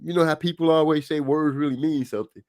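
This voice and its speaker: A man's voice: on the high side, steady tone, fast talker. A man hosting a live stream, giving rambling, casual boxing commentary with lots of asides.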